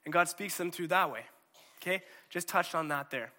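A man preaching a sermon in a conversational, animated way, often checking in with his listeners. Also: sits high, fairly quick, big-room sound.

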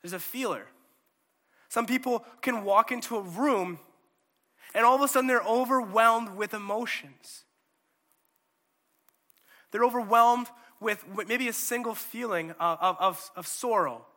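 A man preaching a sermon in a conversational, animated way, often checking in with his listeners. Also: high voice, measured pace, pauses often, big-room sound.

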